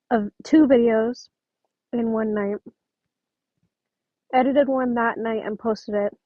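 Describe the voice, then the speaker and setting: A woman with a slightly high voice reads fan fiction aloud in a casual, chatty way. She breaks off for asides and restarts. Her home microphone sounds dull and dry, with no room echo. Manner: chatty, self-interrupting, apologetic asides.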